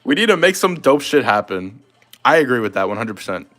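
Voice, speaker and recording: A man's voice: mid-range voice, very animated, a little fast, a bit bright. Chatty man on a stream. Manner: loose and chatty, talking to chat while drawing. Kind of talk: casual live stream chat.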